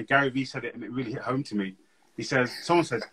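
Young guy, husky and quick, lively slangy storyteller for an interview guest spot. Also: medium pitch, low-quality recording. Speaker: guest speaker. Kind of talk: casual interview chat.

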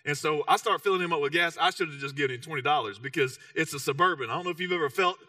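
Chatty Texan preacher, bright dry voice. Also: male voice, a little high, rapid-fire, no echo, recorded from a distance. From Texas. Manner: conversational, self-mocking, lots of "you know". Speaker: pastor. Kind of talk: sermon storytelling.

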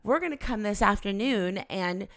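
A woman's voice: medium pitch, normal speed. A woman in her forties telling a family story in casual chat, acting out the voices of the people in it. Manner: animated storyteller acting out quoted dialogue.

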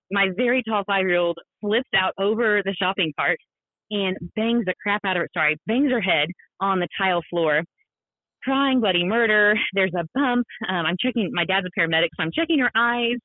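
A woman in her thirties, a podcast guest and mother, telling a personal story in an animated, self-deprecating way with lots of laughs and fillers. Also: mid-range voice, moderate pace, dry recording. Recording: thin phone-like sound, dry.

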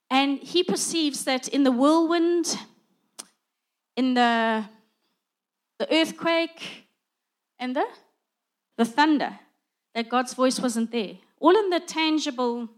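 A middle-aged woman preaching a conversational sermon, acting out little dialogues as she goes. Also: high voice.

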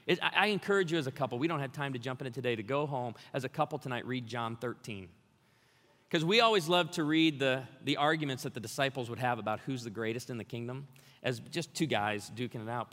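A man preaching a sermon as pastor, telling funny stories and building to energetic exhortation. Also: medium pitch, fairly quick. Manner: storytelling with humor, rising to energetic exhortation. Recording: long hall reverb.

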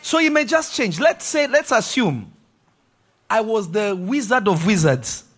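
A man preaching a lively sermon in a church, shouting and acting out voices. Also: high voice, unhurried. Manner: animated, shouting and acting out quotes, laughing.

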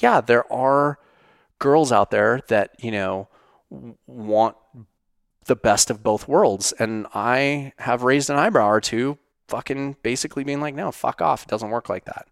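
A middle-aged man hosting a casual monologue, answering viewer questions in a blunt, profane, animated way. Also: medium pitch, clear, resonant tone, dry recording, studio quality. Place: home studio.

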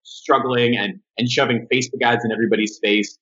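On a recording with the highs cut off, a podcast guest with a mid-range voice speaks a little quickly. He runs a marketing agency and chats casually about it, an animated storyteller who acts out the quotes in his anecdotes.

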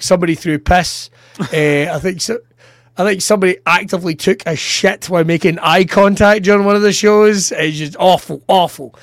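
A Scottish man, a comedian co-hosting a podcast, telling sweary, animated anecdotes in casual chat. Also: high voice, moderate pace, no echo, studio quality.

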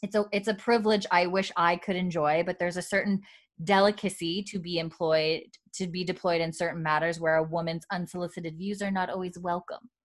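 A woman's voice: fairly low pitch, fairly even intonation, fairly quick, lightly acted. A woman voicing an elderly aristocratic plantation aunt who is gracious but sly, in a genteel, lilting manner.

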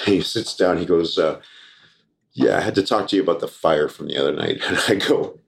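A man's voice: low voice, moderate pace, creaky, pauses often. A man guest on a podcast, telling a story casually, swearing and laughing as he acts out what people said. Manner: profane, laughing, animated anecdote with quoted voices.

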